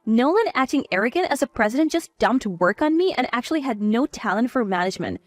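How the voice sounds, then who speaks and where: A woman's voice: fairly high pitch, big pitch swings, fast, no echo. A woman narrating a first-person story in a cool, firm manner.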